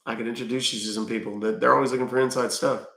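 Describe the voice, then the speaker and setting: Middle-aged Texan livestream host, gravelly, blunt Q&A with dry humor, echoey room. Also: male voice, medium pitch, fairly even intonation, racing, bright, forceful tone. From Texas. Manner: reads viewer questions aloud and answers bluntly, dry jokes. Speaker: livestream host answering chat. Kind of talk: casual livestream chat.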